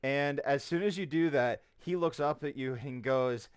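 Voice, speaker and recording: A man's voice: mid-range voice, moderate pace, clean tone, no room sound. A man narrating a tabletop game as game master in a casual way. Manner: casual narration, animated when scenes pick up.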